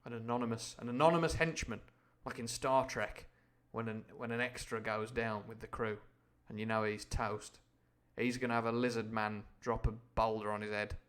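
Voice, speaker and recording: A man's voice: mid-range voice, steady tone, moderate pace, hardly any pauses, fairly bright tone. A man reading a classic adventure novel on a live stream, breaking off often for playful, irreverent explanations. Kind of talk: book reading with chatty asides.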